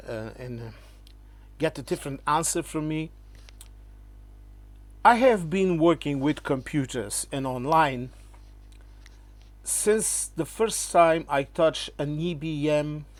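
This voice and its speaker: A man's voice: on the high side, no room sound. A man, talking straight to the camera to rebut critics in an emphatic, lecturing way. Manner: lecturing, keeps asking "okay?"; emphatic, addresses the viewer as "my friend". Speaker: channel host.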